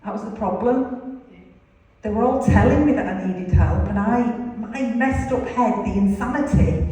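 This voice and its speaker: A woman's voice: medium pitch, moderate pace, mellow. A woman giving an earnest, confessional testimony sermon at a recovery ministry, telling a story. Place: large hall. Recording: echoey hall, distant mic.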